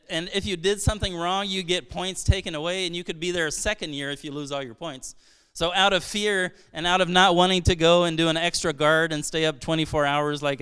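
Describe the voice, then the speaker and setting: A man's voice: a little high, a bit bright, smooth. A man from Brazil preaching a sermon as a pastor, earnest and conversational, with rhetorical questions and frequent restarts.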